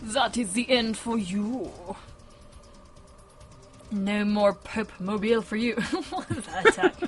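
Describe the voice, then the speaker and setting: A woman hosting a casual let's play, excitable and giggly, shouting at the game as she plays. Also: mid-range voice, slow, long pauses. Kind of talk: casual gameplay commentary. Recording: noisy game audio in background.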